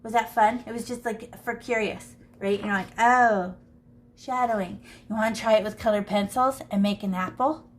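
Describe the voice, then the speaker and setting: The woman's mid-range voice is steady and brisk, with hardly any pauses and slight background noise. She's an art teacher demonstrating shading in a classroom, chatting playfully and talking to herself as she works through a live drawing lesson.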